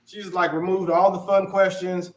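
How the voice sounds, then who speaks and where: A man's voice: high-pitched, flat delivery, normal speed. A man on a live panel, joking and teasing the host in casual chat. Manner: teasing, jokey. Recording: echoey room with faint noise.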